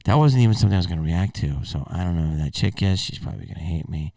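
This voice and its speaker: A man's voice: low-pitched, lively intonation, rapid-fire, warm tone, dry recording, far from the mic. A man hosting a podcast, reacting to clips in a blunt, rambling, profane way. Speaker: podcast host. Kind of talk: casual reaction commentary.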